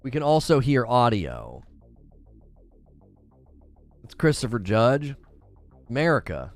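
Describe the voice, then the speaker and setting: A man hosting a gaming channel, chatting casually with a live audience in an animated, ranting way and stumbling over hard names. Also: mid-range voice, takes it slowly, faint music behind. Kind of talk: casual live-stream chat, reading viewer comments.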